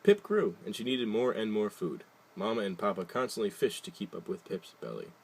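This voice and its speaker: A man's voice: lowish voice, animated, brisk, gravelly, breathy edge. A man casually reading a picture book aloud, adding wry, jokey asides and loosely retelling the story. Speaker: reader.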